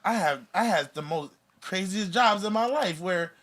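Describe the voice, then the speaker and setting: A man's voice: high-pitched, animated, moderate pace, a bit bright. A man in casual podcast chat, laid-back and emphatic, swearing and repeating himself for effect. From California. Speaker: rapper guest.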